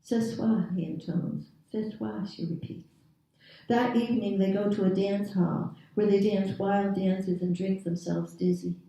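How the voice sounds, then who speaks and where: A woman author reading her own prose aloud at a literary event, in a measured, deliberate storytelling manner. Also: mid-range voice, fairly even intonation, gravelly, dark tone. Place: reading series venue. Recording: very echoey room, distant mic.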